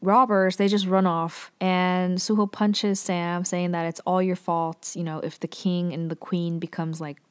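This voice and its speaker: A woman's voice: on the low side, little pitch movement, a little slow, few pauses, clear, resonant tone. A woman casually recapping a drama episode, chatty and loose, full of fillers and playful asides.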